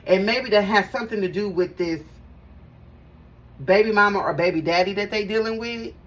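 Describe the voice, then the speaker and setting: A woman with a medium-pitched voice and normal pacing reads tarot casually for her viewers. She's talkative and emphatic, repeating phrases and speaking directly to them. The recording places her a bit away from the mic, with faint background noise.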